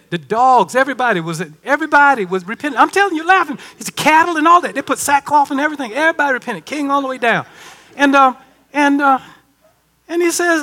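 Man preaching a sermon, high voice, folksy and dynamic, quiet asides building to emphatic calls. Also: fast. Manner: folksy, conversational delivery. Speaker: pastor.

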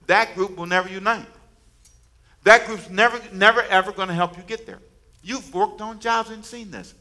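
Bright-toned preaching man. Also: sits high, fairly even intonation, brisk. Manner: preaching with call-and-response to the congregation; emphatic, repeats words and phrases. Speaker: pastor. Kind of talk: sermon.

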